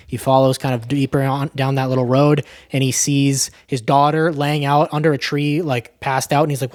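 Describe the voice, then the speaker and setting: A man's voice: medium pitch, flat delivery, fairly quick, few pauses, a little mellow. Casual, profane man recapping a movie. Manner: loose, profane storytelling with fillers.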